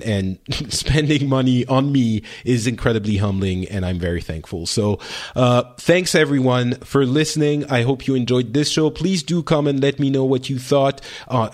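A man with a French accent hosting a podcast panel chat, earnest and halting, with many fillers and restarts. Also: mid-range voice, a little mellow. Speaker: podcast host.

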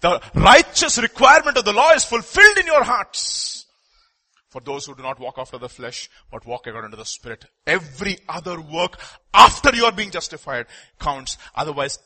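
A male preacher with a bright, somewhat high voice delivers a sermon. He reads scripture aloud and throws questions to the congregation. His delivery swings between ringing declarations and hushed, confiding asides. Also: breathy edge.

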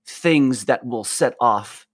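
A man's voice: medium pitch, slow pace, dry recording, studio quality. A man in casual chat who talks animatedly and laughs often.

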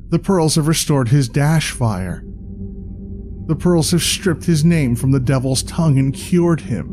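A man narrating a dark tale in a measured, dramatic scripted reading. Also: medium pitch.

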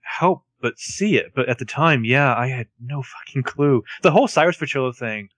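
A man co-hosting a podcast, chatting casually while recapping a TV episode, with lots of fillers and drawn-out phrasing. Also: medium pitch, animated, fairly bright tone, no echo. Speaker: podcast co-host.

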